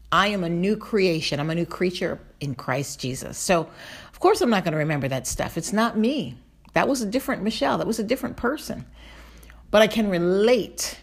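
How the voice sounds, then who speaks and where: A middle-aged woman preaching a heartfelt devotional sermon, emphatic and emotional, slowing down on key phrases. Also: deep voice.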